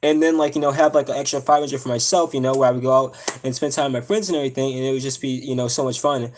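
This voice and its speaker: A man's voice: medium pitch, fairly even intonation, very fast, darkish tone, a little hiss or hum. A young man on a live stream telling a personal story, upset and close to tears, rambling with many fillers and restarts. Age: young adult. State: near tears.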